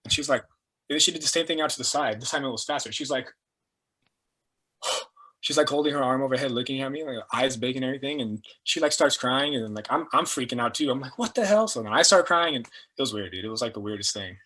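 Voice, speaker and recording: A young man with a bright, forceful yet husky voice, swapping coaching stories on a podcast. His delivery is casual and animated, dotted with "like" and "dude". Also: mid-range voice, fast talker. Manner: animated, lots of fillers like "like" and "dude". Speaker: strength and performance coach, guest. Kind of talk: casual storytelling.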